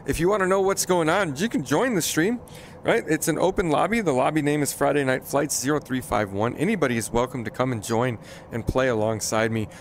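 A man's voice: fairly high pitch, fairly quick. Dude livestreaming a flight sim, just chatting and roasting his own flying, faint engine hum in back. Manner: chatty, self-deprecating, talks to viewers. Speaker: streamer playing a flight game. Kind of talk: casual live gameplay commentary.

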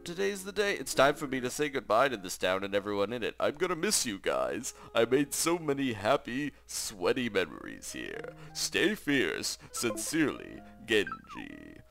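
A man's voice: medium pitch, huge pitch swings, moderate pace, vocal fry, hardly any pauses, a bit bright, voice pushed up, exaggerated voice. A man reading aloud a goodbye letter from a sporty jock animal villager in a video game. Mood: wistful. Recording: game music underneath.

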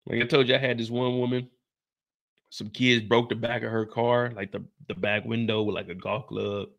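A man riffing through a TV recap with profane, joking asides. His voice is gravelly and bright, at an ordinary pitch. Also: flat delivery, normal speed. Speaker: TV episode recapper. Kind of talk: casual comedic recap commentary.

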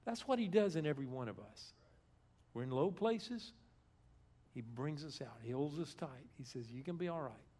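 A man's voice: a little high, sing-song, normal speed, long pauses, mellow, breathy edge. A man giving a conversational sermon as a guest speaker in a church, retelling scripture in plain everyday speech.

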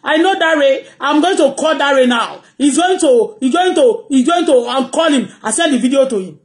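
A Nigerian woman with a Yoruba accent hosting her own live stream, ranting excitably and mixing English with Yoruba. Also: sits high, normal speed. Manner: excitable, switching between English and Yoruba, bursts of shouting and laughter. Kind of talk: animated live-stream rant.

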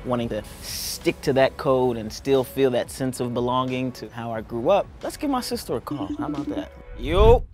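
A man's voice: mid-range voice, expressive, normal speed, few pauses, a little mellow. Playful young man switching accents. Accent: mix of British and American. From England. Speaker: video presenter. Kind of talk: casual explainer to camera.

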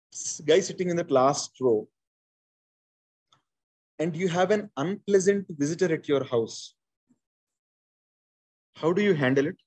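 A man in his forties with an Indian English accent leads a public speaking workshop, repeating his key points and calling on his listeners. His voice sits a little high and sounds husky. He talks in an animated, conversational way. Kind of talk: conversational training session.

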